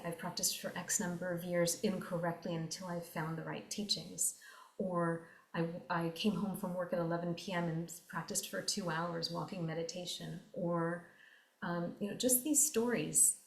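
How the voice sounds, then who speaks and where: Woman talking meditation, lowish voice, repeats stuff slowly, kinda echoey room. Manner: earnest, repetitive, slows down for emphasis. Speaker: meditation teacher. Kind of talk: reflective talk on meditation teachings.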